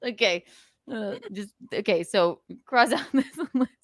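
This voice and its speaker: A woman podcast host in casual chat, reading a long list fast and giggling between words. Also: mid-range voice, no echo, studio quality. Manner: reads in rapid fire, giggling through words.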